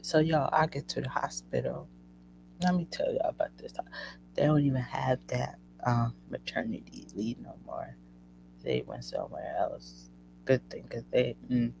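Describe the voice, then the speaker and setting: A woman hosting a show, telling a personal story to her listeners in an emotional, animated way. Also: rumbling low, vocal fry, slight background noise, rough recording. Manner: emotional, animated retelling addressing listeners as y'all. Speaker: host.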